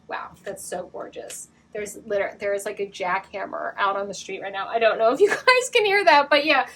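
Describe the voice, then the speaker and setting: A woman's voice: medium pitch, lively intonation, fairly quick, a bit bright. A woman giving a casual spiritual tarot reading to her viewers, effusive and rambling, with lots of fillers and frequent giggles. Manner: breaks into giggles. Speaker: tarot card reader.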